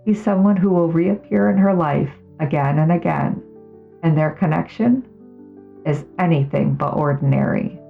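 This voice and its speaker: A woman hosting a podcast, narrating in a measured, reflective way between interview clips. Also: low-pitched, creaky. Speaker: podcast host. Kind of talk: scripted narration. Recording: tinny phone-like sound with faint music.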